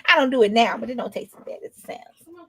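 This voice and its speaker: A woman's voice: on the high side, quick pace, a bit bright. A young adult woman rambling in casual chat, drawling and emphatic as a co-host.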